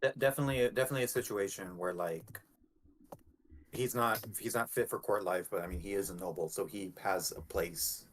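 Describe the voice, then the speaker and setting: A man's voice: sits low, a little fast. A man playing a tabletop game, talking casually and with stammers. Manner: hesitant, stammering. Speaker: player.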